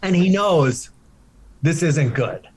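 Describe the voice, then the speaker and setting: A middle-aged man with a notably high voice for his sex chats casually as a podcast guest. He tells a story in a rambling, animated way, circling back and restarting his sentences as he goes. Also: slow, husky. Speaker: guest comedian.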